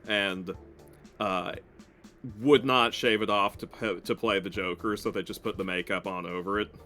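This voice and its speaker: A man's voice: lowish voice, moderate pace, faint music behind. A man streaming a game live, chatting casually and laughing often. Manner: laughs often, animated asides.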